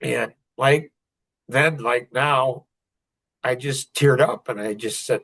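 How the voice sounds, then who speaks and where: A man telling a rambling, emotional personal story on a podcast, getting louder and higher when he makes a point. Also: slow pace, gravelly. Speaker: podcast guest.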